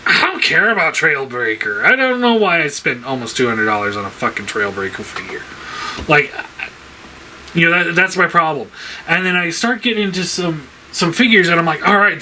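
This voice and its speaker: A man vents in a casual vlog, rambling through fillers and dropping frequent curses as his frustration builds. His voice sits a bit high and sounds bright, with a faint hiss in the background. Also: very animated, brisk. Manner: frustrated, swears a lot, rambling with many fillers. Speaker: toy collector vlogger. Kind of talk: casual ranting monologue.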